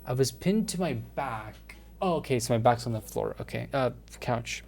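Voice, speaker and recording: A man's voice: mid-range voice, expressive, normal speed, creaky, few pauses, a little mellow, a little hiss or hum. A man reading a visual novel aloud, breaking off into flustered, jokey, stammering commentary. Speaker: gaming video creator.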